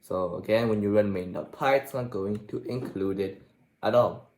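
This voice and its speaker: A man's voice: fairly low pitch, normal speed, a little mellow. Man reading code aloud while typing. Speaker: programming tutor. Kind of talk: screen-recorded coding tutorial. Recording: echoey room with faint typing noise. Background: keyboard typing.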